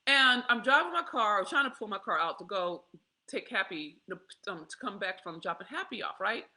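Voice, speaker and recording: A woman, telling a candid personal story to her viewers in a profane, animated way, laughing often. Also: medium pitch, moderate pace. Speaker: vlogger.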